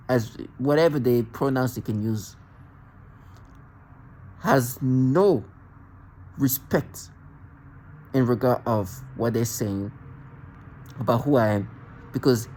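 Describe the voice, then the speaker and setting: A man rants alone in an agitated monologue, tripping over words and restarting sentences. His voice sits in a middle pitch. A faint noise runs underneath. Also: lively intonation, slow pace, pauses often, dark tone, rough recording. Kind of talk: self-recorded monologue rant.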